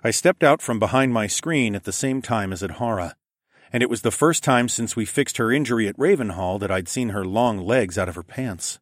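A man narrating a first-person audiobook in an even, storytelling manner. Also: lowish voice, moderate pace, no echo. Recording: dry close studio recording.

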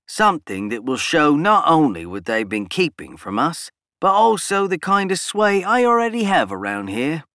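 An arrogant, scheming politician, put on by a male narrator for an audiobook. He snaps his words out boastfully, pitched noticeably above the narrator's own voice. The sound is close and dry. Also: big pitch swings, moderate pace, few pauses, fairly bright tone, dry recording. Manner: snapping, boastful, raised pitch.

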